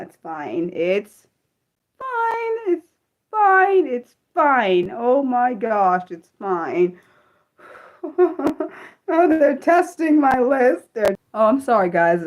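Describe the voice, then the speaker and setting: This woman speaks in a mid-range, slightly mellow voice while hosting an unscripted livestream. She reads and answers her chat out loud and vents with plenty of swearing.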